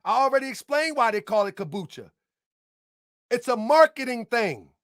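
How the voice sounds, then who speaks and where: A man's voice: very high-pitched, lively intonation, normal speed, dry recording. Combative man ranting in a dry room. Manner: combative, emphatic, repeats points, bursts into shouting. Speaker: online commentator. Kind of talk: heated rebuttal monologue.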